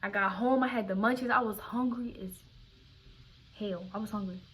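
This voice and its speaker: A young woman from Philadelphia, USA, tells her vlog audience a casual story in a medium-pitched, fairly bright voice at a moderate pace. Her speech is loose, slangy, and profane, stuffed with "like," and she often restarts sentences.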